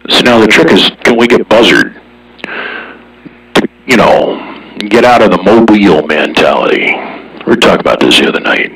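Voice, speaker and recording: A man with a low, husky voice chatting casually on the radio. He jokes and banters in a laid-back way, sounding distant from the mic. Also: expressive, moderate pace, long pauses, fairly bright tone. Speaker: radio operator.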